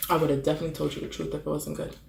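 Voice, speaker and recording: Chatty woman eating on camera, gravelly. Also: sits low, flat delivery, rapid-fire, echoey room, slight background noise. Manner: chatty, savoring with frequent mm sounds between bites. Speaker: food vlogger. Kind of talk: casual mukbang eating vlog.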